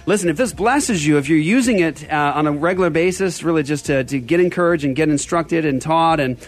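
A man's voice: on the high side, a little fast. A middle-aged man hosting a church podcast, chatting casually and rambling through appeals. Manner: rambling, restarting pleas for donations. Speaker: podcast host. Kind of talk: casual chat.

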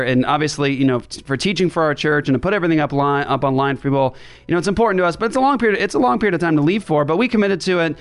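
Animated man hosting a studio chat show. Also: on the high side, clear, resonant tone. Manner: animated, rambling with many restarts and fillers. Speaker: podcast host. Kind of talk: casual chat. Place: makeshift studio in a writers' room.

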